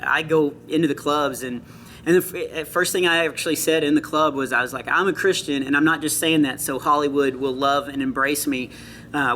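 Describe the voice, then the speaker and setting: A middle-aged male comedian chatting in an interview, telling earnest stories with quick asides. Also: a little high, bright, forceful tone, slight background noise. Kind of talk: casual interview chat. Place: comedy club after a show.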